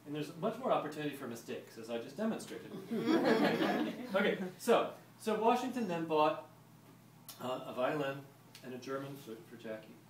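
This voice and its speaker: A man's voice: fairly high pitch, animated, brisk. A man giving a live talk and demonstration to a group of visitors, explaining in a chatty way and quizzing the audience. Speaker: historical music presenter. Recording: roomy, distant mic, ambient noise.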